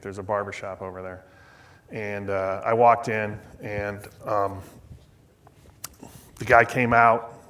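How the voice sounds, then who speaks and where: A man's voice: fairly low pitch, fairly bright tone. A middle-aged man from the United States speaking as a guest at a shrine event, telling a rambling, self-mocking story with many asides and restarts. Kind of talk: storytelling talk. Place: shrine event before an audience.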